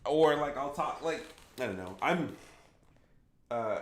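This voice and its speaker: A man's voice: medium pitch, animated, a little slow. A man in his thirties, a gaming streamer chatting casually and rambling with lots of "like" and restarts. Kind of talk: casual livestream chat. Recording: echoey room.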